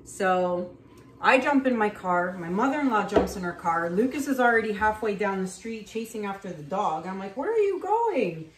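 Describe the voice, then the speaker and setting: A woman's voice: mid-range voice, normal speed, a little hiss or hum. A woman in her thirties, chatting casually and rambling with fillers as she paints and tells a story. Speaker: acrylic pour artist. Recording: echoey room.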